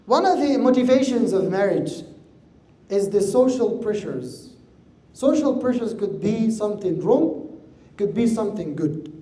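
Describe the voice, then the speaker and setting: A man's voice: sits high, very animated, a little slow, dark tone. A man giving a religious lecture, earnest and repeating his key words for emphasis. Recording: echoey room.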